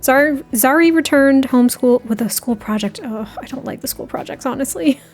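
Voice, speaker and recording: A young woman chatting through casual game commentary, laughing often and breaking into excited outbursts. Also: high voice, normal speed, soft background music. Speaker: gameplay commentator.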